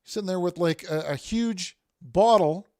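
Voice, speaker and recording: Halting man reading chat aloud. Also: high-pitched, a little mellow, dry recording, clean studio sound. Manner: halting, repeats words, many restarts. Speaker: livestream host reading chat. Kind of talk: casual livestream chat.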